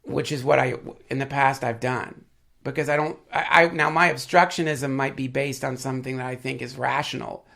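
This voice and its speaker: In a casual podcast chat, a guest with a mid-range, steady, fairly bright voice speaks at normal speed with vocal fry. His storytelling is rambling, profane and heavy on fillers, and he sniffles from a head cold.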